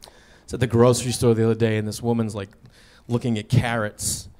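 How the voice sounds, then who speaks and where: A man doing a stand-up comedy set on stage, acting out the people in his stories with sudden high, squeaky voices. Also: flat delivery, brisk, a little mellow. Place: theater stage before a live audience.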